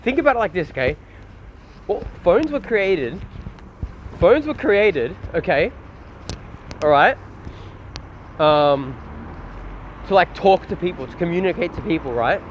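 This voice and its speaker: A man's voice: high voice, sing-song, unhurried, pauses often, dull audio. Rambling Australian man streaming on city streets. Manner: rambling, swears freely, talks to chat. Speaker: IRL streamer. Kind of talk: casual live-stream chat. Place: outdoors on windy city streets. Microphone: phone held while walking. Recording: street noise and wind.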